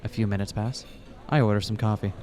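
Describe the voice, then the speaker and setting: A man hosting a let's play, reading a visual novel aloud in a playful way with quick asides. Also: lowish voice, fairly even intonation, crowd noise.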